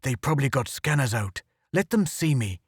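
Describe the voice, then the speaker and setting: A man narrating plays a hulking, brash photographer who talks bluntly and gruffly. The voice sits at a middling pitch with a dry, close sound and no room around it. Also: big pitch swings, moderate pace, dry recording. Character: big, gruff, brash Irish male photographer. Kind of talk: audiobook character reading.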